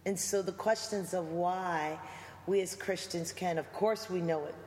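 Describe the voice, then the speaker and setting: A woman's voice: fairly low pitch, steady tone, measured pace, a little mellow, slight background noise. A woman guest in a conversational interview, talking reflectively and preacher-like about faith and music. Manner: reflective, preacherly, quotes scripture. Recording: echoey room with long reverb and faint ambience.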